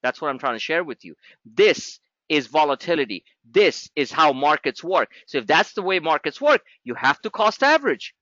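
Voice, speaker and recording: A man's voice: fairly high pitch, big pitch swings, normal speed, sharp tone, no echo, muffled recording. Blunt, sarcastic man teaching trading. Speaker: trading educator. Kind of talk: live trading class talk.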